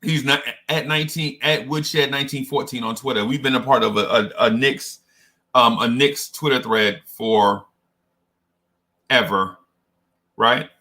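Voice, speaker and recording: A man hosting a podcast, chatting casually about sports in an animated, digressive storytelling way. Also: mid-range voice, measured pace. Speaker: podcast host.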